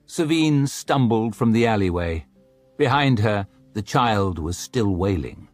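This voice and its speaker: A man reads a fantasy audiobook in a husky, low voice, taking his time and shaping each line with lively pitch. The sound is close and dry, with faint music underneath. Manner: slow, dramatic storytelling. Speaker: audiobook narrator. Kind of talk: scripted audiobook narration.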